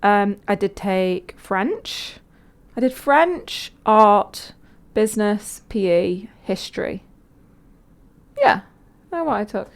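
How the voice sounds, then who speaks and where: A woman's voice: medium pitch, lively intonation, slow, gravelly, long pauses. A young woman with a Manx accent, co-hosting a casual chat podcast, teasing her co-host and laughing often. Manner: teasing, laughs often, asks probing questions.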